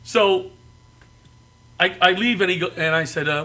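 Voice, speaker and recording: A middle-aged man from the New York area telling comic family stories, animated and often laughing and yelling. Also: sits high, unhurried, long pauses. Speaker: guest comedian. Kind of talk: comic storytelling.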